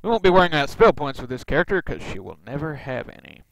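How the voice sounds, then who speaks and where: A man's voice: fairly high pitch, very animated, fast talker, gravelly, no room sound, low-quality recording. A man hosting a let's play, giving casual gameplay commentary full of rambling, wry asides.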